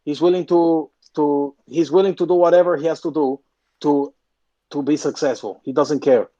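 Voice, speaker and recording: A man's voice: fairly high pitch, fairly even intonation, normal speed, warm tone. A man co-hosting a casual podcast chat, blunt and repeating his points for emphasis. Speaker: podcast co-host. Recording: muffled podcast audio.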